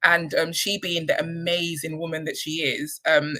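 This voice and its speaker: A woman speaks candidly and reflectively about her work, her speech sprinkled with pauses and ums. Her voice sits a little low yet sounds bright and clear. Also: little pitch movement, low-quality recording. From United Kingdom. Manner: candid and reflective, many ums, emotional at times. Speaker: charity chief executive. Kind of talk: personal reflective talk.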